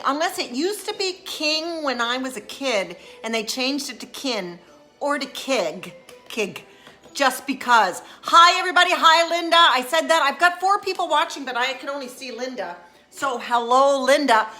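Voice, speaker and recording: A woman's voice: sits high, sharp tone, reverberant. A woman hosting a casual live stream from her home kitchen, talking playfully and greeting viewers by name.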